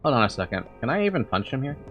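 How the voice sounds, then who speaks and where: A man's voice: mid-range voice, sing-song, racing, lo-fi sound, soft background music. A man streaming a game, joking and talking to himself as he plays. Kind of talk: casual let's-play commentary.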